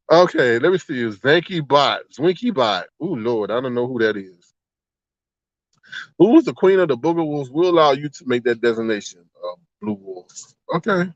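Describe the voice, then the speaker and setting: Animated man ranting on a livestream. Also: mid-range voice, a little slow, long pauses, dry recording. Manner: animated, rambling, exclaims and laughs often. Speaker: livestream host. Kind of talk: casual livestream chat. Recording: slightly dull, dry sound.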